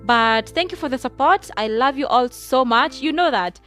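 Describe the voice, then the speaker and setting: A woman's voice: high-pitched, expressive, moderate pace, a bit bright, soft background music. A young woman with a Kenyan accent hosting her own podcast, talking in a chatty, effusive way and mixing English with Swahili. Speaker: podcast host. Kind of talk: casual solo podcast monologue.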